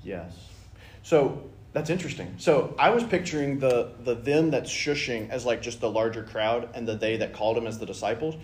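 An enthusiastic man leads a relaxed Bible study discussion, jumping in to act out lines from scripture. His voice sits in a middle register. The recording has a roomy church-hall echo. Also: mid-range voice, normal speed, a little hiss or hum. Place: church meeting room. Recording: roomy room sound.

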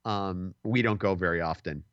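A man's voice: low-pitched, normal speed, clear, resonant tone, no echo, highs cut off. A man in his forties, a podcast host, telling a story in casual chat and acting out the quotes. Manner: animated storyteller, acts out quotes.

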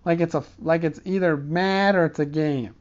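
A man's voice: a little high, steady tone, normal speed, dull audio. Rambling, profane man telling comic stories. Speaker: comedic storyteller. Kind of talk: rambling comic storytelling monologue. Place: dark room.

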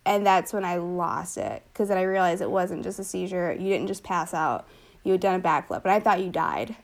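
A woman's voice: medium pitch, moderate pace, creaky. A young woman telling a personal story in casual conversation, chatty and full of fillers, laughing now and then. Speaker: older sister telling her story.

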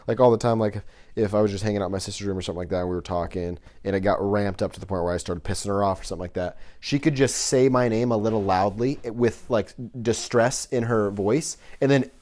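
A man in a casual chat who listens easily, laughs along and answers with quick agreement. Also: on the low side, darkish tone.

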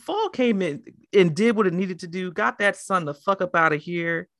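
A woman co-hosting a podcast in casual chat, profane, animated and teasing. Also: fairly low pitch, normal speed, no room sound, clean studio sound. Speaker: podcast co-host.

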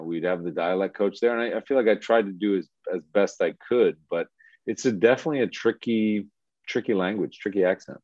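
Low-voiced man in a dull dry clip. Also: no echo. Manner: relaxed, enthusiastic, halting with fillers. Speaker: actor being interviewed. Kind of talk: casual interview answers.

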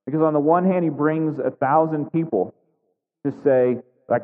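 A man's voice: on the high side, moderate pace. A man preaching a conversational sermon on scripture. He talks in a chatty way, with restarts and frequent tag questions. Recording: tinny echoey hall recording.

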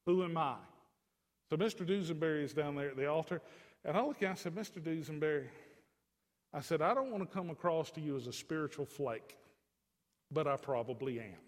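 Pastor guy preaching, slightly high voice, goes quiet then loud and fired up, big church echo. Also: fairly quick, long pauses. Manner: storytelling preacher, swings from hushed to loud and fervent. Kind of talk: sermon. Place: church sanctuary. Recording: long reverb of a church hall.

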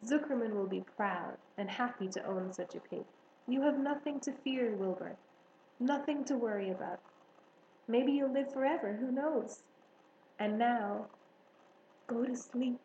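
A woman voicing a wise, caring female spider who speaks calmly and soothingly. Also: on the high side, measured pace, lo-fi sound, slight background noise. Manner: calm, soothing. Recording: roomy echo.

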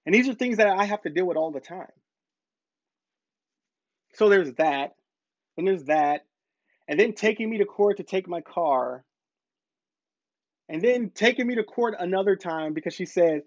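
A man's voice: high-pitched, lively intonation, normal speed, pauses often, dry recording, lo-fi sound. A man telling a personal story to camera in a casual monologue, stressing points by repeating them. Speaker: parent vlogger.

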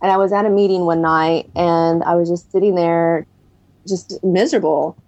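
A woman in her thirties, interviewed as a guest, candidly tells her own story of recovery. Her voice is fairly low and darkish, with fairly even intonation and a moderate pace, captured on a dull lo-fi recording.

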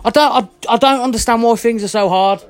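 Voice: mid-range voice, quick pace, clean tone, no echo. A vlogger delivering an angry monologue rant, blunt and heated, swearing constantly and sweating. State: worked up and sweating.

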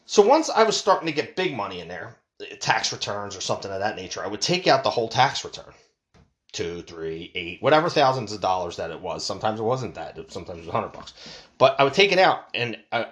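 In a casual ranting monologue, a man with a lowish voice talks fast, rambling through a story with free swearing and restarted sentences. His storytelling is animated and profane.

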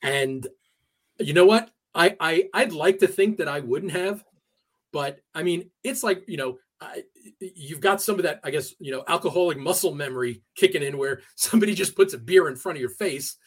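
A man being interviewed on a podcast, telling a personal story in a casual, halting way with many fillers and restarts. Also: fairly high pitch, breathy edge. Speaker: podcast guest. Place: New York area.

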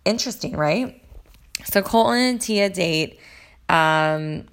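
A woman with a lowish voice and a lot of vocal fry, talking in casual chat. She rambles on about reality TV in a gossipy tone. Her talk is full of fillers. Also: animated, slow pace. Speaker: reality TV commentator.

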